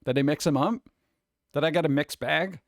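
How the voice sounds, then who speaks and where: A man's voice: fairly high pitch, normal speed, gravelly, no echo, clean studio sound. A man hosting a casual stream and reading viewer comments, rambling and joking about himself. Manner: rambling, joking, self-deprecating. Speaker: streamer host.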